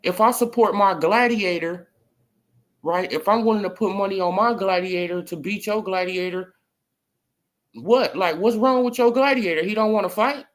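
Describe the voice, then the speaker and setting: A man's voice: sits high, moderate pace. A man ranting about sports in a casual commentary video, emphatic and repetitive. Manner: animated, emphatic, repeats "bro" and "right?".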